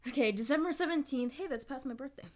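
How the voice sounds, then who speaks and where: A young woman commenting excitedly while playing a video game, exclaiming and laughing often. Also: high voice, quick pace. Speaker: gaming streamer. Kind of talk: let's play commentary.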